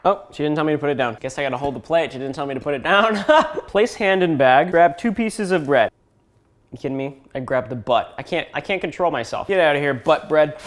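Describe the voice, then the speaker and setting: A man's voice: fairly high pitch, quick pace, hardly any pauses, a bit bright. A young man doing comedic vlog commentary, playful and sarcastic with exaggerated outbursts. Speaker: YouTuber.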